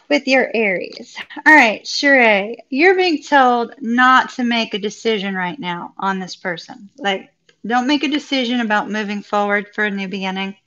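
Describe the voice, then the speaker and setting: A woman's voice: on the high side, a bit bright. A woman giving a live tarot reading to viewers, effusive and upbeat, chatting and laughing often. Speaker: tarot reader. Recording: dull lo-fi recording.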